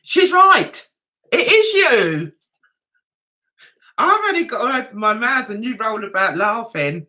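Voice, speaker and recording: A woman's voice: fairly high pitch, sing-song, unhurried, pauses often, sharp tone. A middle-aged woman hosting a casual livestream, reading out comments, chatting to viewers and laughing often. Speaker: livestream host.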